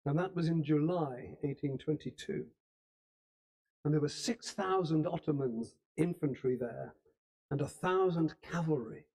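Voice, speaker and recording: A man delivers a history talk in a church hall, telling it like a story and now and then restarting a phrase. His voice sits a little high but stays warm and mellow. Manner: storytelling, unhurried, with small restarts. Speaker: speaker giving a history talk. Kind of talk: lecture.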